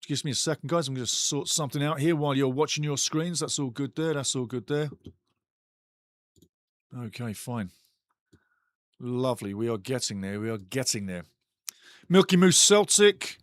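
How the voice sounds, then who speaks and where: A man with a mid-range voice hosts a live football watchalong from a desk microphone, speaking at a moderate pace with long pauses. He chats with viewers, reads their comments aloud, and gives blunt, outspoken opinions, often repeating himself. The sound is clean studio quality with no echo.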